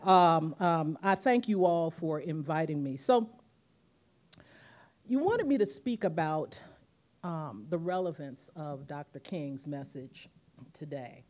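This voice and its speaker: A woman's voice: low voice, slow. A woman in her fifties gives a commemorative speech in a university auditorium at a podium mic, telling stories and acting out the quotes. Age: 50s. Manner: animated storytelling, acting out quotes. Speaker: guest speaker, museum president.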